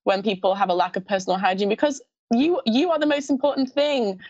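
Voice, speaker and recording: A young adult Scottish woman with a mild lisp talks at a quick pace in a slightly high, darkish voice, chatting as a pageant contestant in a casual interview. She is giggly and chatty and often restarts her sentences, in dull audio with no echo.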